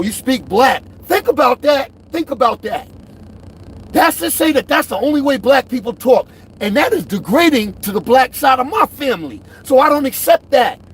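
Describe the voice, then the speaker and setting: Middle-aged male vlogger, emphatic and lively, repeats his points. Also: extremely high pitch. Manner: emphatic, repeats himself, swings between loud and quiet. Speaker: truck driver vlogger. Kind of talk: direct-to-camera rant.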